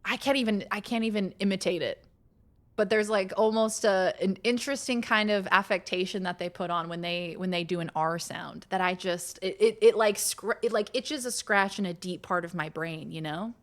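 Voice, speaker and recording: A woman's voice: mid-range voice, moderate pace. A young adult woman streaming a game, chatting casually with viewers, thinking aloud, laughing often and swearing now and then. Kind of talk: casual live-stream chat while gaming.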